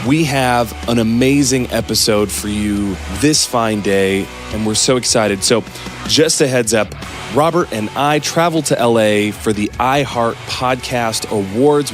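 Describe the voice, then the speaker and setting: Low-voiced joking podcast host. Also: male voice. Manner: playful, joking. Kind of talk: casual podcast intro and chat.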